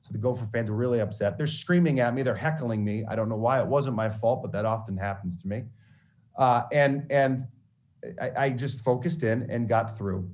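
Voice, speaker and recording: Forties male sportscaster, mid-pitched, giving students an anecdotal talk with restarts. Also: moderate pace. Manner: animated anecdotal storytelling with frequent restarts. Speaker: TV sports reporter speaking to students. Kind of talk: storytelling motivational talk.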